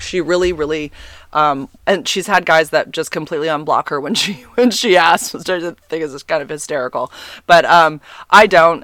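Frank, foul-mouthed woman ranting. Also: no echo. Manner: candid, profane, rambling with many fillers; exasperated, swings between loud bursts and low asides. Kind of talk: casual confessional monologue.

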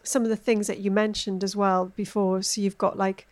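A woman's voice: medium pitch, moderate pace. Woman guest, chatty food talk, lots of likes and ums, mid voice. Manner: chatty, animated storytelling, frequent fillers. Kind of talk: casual food chat.

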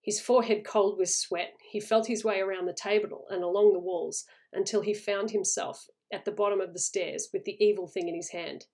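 Woman reading a creepy short story out loud, slow and suspenseful. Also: medium pitch, fairly even intonation.

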